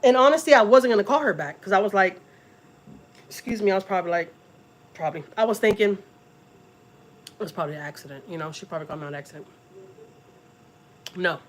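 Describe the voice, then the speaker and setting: A woman's voice: mid-range voice, a little fast, pauses often, slight background noise, low-quality recording. A middle-aged woman, rambling and emphatic as she tells a family story on a live stream. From Houston, Texas. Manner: rambling and emphatic, many "you know" and "like" asides, animated when voicing others. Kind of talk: casual storytelling.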